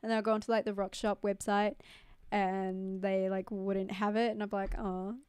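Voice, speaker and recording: A woman's voice: mid-range voice, level tone, moderate pace, darkish tone, smooth, dry recording. Chatty New woman streaming. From New Zealand. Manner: chatty, rambling, peppered with "like" and casual swearing. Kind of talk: casual livestream chat with viewers. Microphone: studio mic.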